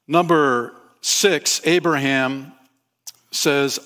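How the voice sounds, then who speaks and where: A man's voice: mid-range voice, steady tone, drawn-out words, pauses often, fairly bright tone. A man as pastor, preaching a conversational sermon to his congregation in a church and asking them questions. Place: church sanctuary.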